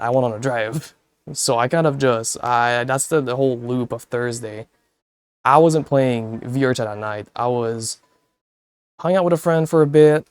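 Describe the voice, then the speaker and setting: A man with a medium-pitched voice chats casually on a stream, telling stories full of swearing and laughter to his chat viewers. There's no echo on the recording.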